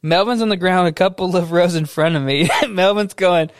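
A man's voice: sits high, normal speed, dry recording, studio quality. A man co-hosting a podcast, telling a story in casual chat and laughing often as he goes. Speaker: podcast co-host.

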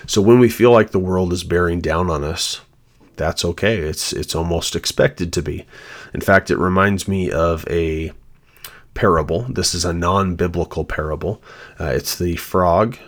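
A man's voice: low voice, normal speed. A man hosting a devotional podcast, speaking in an earnest, reflective way and sharing his own story. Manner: earnest and reflective, shares personal testimony. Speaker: podcast host.

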